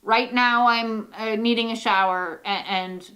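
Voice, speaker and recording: Woman, oracle card reader, higher voice, casual rambling delivery, frequent fillers, occasional swearing. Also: steady tone, unhurried, bright, forceful tone. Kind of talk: casual live card reading.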